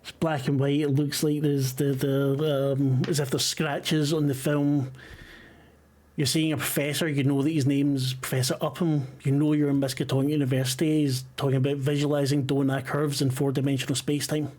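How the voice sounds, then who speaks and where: A man's voice: mid-range voice, flat delivery, moderate pace, a little mellow. A man running a tabletop game as game master, narrating scenes with hesitant fillers.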